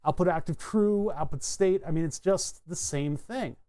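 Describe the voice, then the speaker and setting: A man streaming live, thinking aloud in a halting, self-interrupting way as he works through a technical problem. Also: fairly high pitch, warm tone. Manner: muttering, halting, self-interrupting while debugging.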